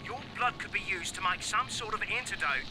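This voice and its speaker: A man's voice: sits high, fairly quick, poor audio. An actor playing a desperate middle-aged man, pleading to save his wife in a video game cutscene. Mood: urgent pleading. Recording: game audio with loud background noise.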